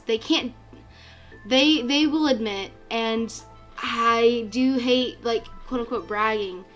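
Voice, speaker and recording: A woman's voice: fairly high pitch, a bit bright. A woman giving casual, rambling commentary over her gameplay, with plenty of fillers and restarts. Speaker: gaming channel creator.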